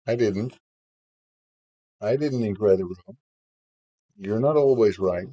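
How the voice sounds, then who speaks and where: Husky low-voiced man streaming live. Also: slow, dark tone, low-quality recording. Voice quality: husky from a sore throat. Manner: self-deprecating, chats with viewers while drawing. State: sore throat. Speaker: game developer streaming his work. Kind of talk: casual live stream chat.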